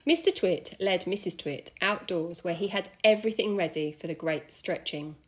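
Woman, slightly low voice, reading a children's story aloud, steady storytelling pace. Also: moderate pace. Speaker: school staff member reading aloud.

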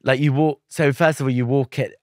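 A young man, a guest on an interview show, telling a story in a lively, chatty way. He acts out other people's lines and laughs often. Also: mid-range voice, a little fast, no echo, studio quality.

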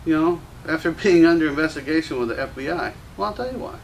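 Gun shop owner, male, high-pitched, combative and profane on-camera rant. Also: animated, fast talker, creaky, a little hiss or hum. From Louisiana. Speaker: gun store owner and show host. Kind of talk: ranting commentary to camera.

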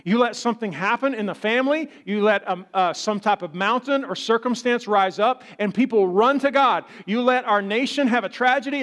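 A man's voice: high voice, moderate pace, few pauses, fairly bright tone. A man preaching a sermon as pastor, in a conversational style, now and then acting out the voices of doubters. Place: church.

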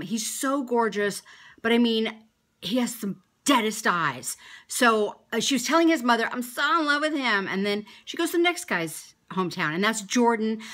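Bright, snarky woman doing gossip. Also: a little high. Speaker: comedian recapping a reality show. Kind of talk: casual comic recap.

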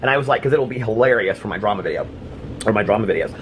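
A man tells a story at a rapid clip, his voice leaping up and down as he laughs and acts out the people in it. Faint room noise sits under the recording. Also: lowish voice, expressive. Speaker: vlogger. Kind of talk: casual storytelling vlog.

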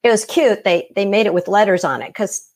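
A middle-aged woman recounts her own story as an interview guest, her voice husky and breathy. Her pitch swings widely as she acts out what people said to her, and she laughs often as she talks. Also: expressive, brisk. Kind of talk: personal story in conversation.

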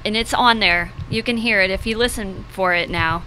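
A woman's voice: mid-range voice, moderate pace, pushed and bright, slight background noise, rough recording. A woman singer who is an interview guest, talking in a thoughtful, hesitant way. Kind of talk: casual interview chat.

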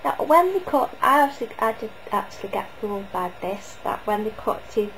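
A woman's voice: medium pitch, big pitch swings, a little fast, a bit bright, a little hiss or hum, poor audio. A woman giving a casual, rambling spoken review, often hesitating and restarting.

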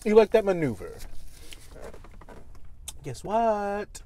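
A woman's voice: low-pitched, lively intonation, slow, long pauses, a little mellow. A woman food vlogger eating on camera, casually chatting with her mouth full while she chews, with playful, teasing asides to viewers. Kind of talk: eating vlog with casual chat.

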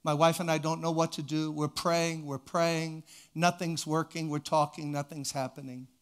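An older man preaching in a church, telling a story with animation and then leading a quiet prayer. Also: on the high side, flat delivery, moderate pace, clean tone. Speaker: pastor. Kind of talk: sermon with storytelling.

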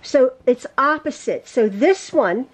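A woman teaching a quilting lesson in her home sewing room, chatty and quick to laugh at and correct her own mistakes. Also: high-pitched, expressive. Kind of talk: casual sewing tutorial.

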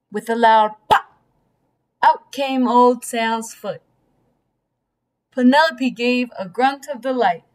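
Slow gentle woman reading a bedtime story. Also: a little high. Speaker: storybook reader. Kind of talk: bedtime story read aloud.

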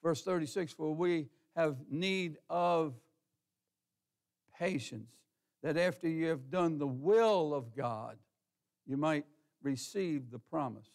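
A male pastor preaches in a church with a high-pitched voice and a gravelly edge. He talks to his congregation in a folksy, homespun way, says "ain't", throws out rhetorical questions and calls on people by name. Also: slow, a little mellow. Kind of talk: sermon. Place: church sanctuary.

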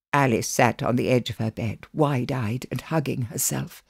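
A woman narrating a children's novel in an expressive storytelling manner. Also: very deep voice, normal speed, gravelly, few pauses, breathy edge, no echo, clean studio sound. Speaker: audiobook narrator.

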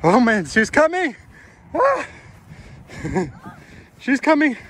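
A man in his thirties with a high, bouncy voice that swings all over as he films on his phone while playing soccer outdoors. He laughs a lot, teases his kids and sounds out of breath, with faint outdoor noise behind him. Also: sing-song, measured pace, darkish tone. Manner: playful, laughing often, teasing the kids. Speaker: father filming his family. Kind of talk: casual family vlog commentary. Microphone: phone held while playing.

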